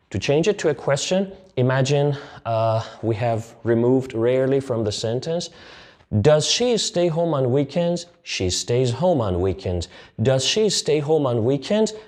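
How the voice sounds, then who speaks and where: Man teaching a grammar lesson, slow and deliberate. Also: medium pitch, darkish tone. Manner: slow, deliberate explanations with spoken example sentences. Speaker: English teacher.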